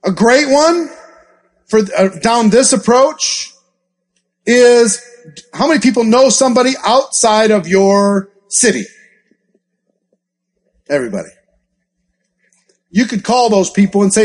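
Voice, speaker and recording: Animated high-voiced male sales trainer. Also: measured pace, long pauses. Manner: animated, acts out scripts and gasps for effect. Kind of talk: live training talk with role-play examples.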